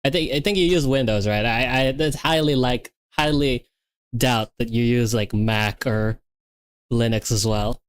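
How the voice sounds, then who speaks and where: A young woman streaming herself coding, talking excitedly and repeating herself as things work or fail. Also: a bass voice, measured pace, no room sound. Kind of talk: livestreamed coding session chat.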